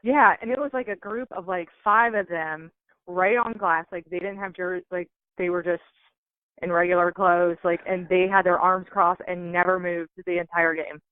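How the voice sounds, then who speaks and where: A woman's voice: on the low side, fairly even intonation, normal speed, smooth, no echo. A woman calling in, telling a story casually and animatedly, with lots of fillers. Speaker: call-in guest. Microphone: phone. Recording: tinny phone line.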